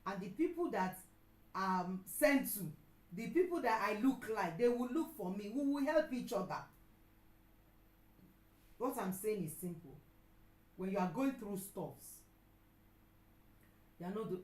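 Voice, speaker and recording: A middle-aged woman with a Nigerian accent preaches at a medium pitch, hammering her points home through repetition. Her voice rings out in an echoey room, and now and then she gets suddenly loud. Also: lively intonation, measured pace, pauses often. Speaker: pastor and counselor. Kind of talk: sermon.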